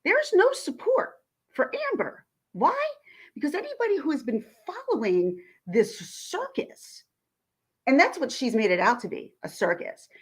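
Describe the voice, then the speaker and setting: A woman's voice: fairly high pitch, huge pitch swings, normal speed, slightly rough. A woman vlogger, indignantly retelling a phone call in a ranting commentary.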